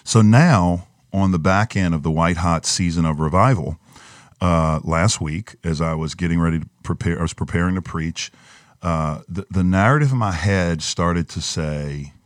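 A man's voice: deep voice, moderate pace, no echo, studio quality. A man, a pastor, telling an earnest personal story in a podcast conversation and acting out the voices in his head.

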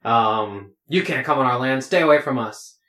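A man's voice: medium pitch, normal speed, a bit bright, lightly acted. A man voicing surly male dragonborn in a stage play, dismissive and curt. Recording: roomy echo.

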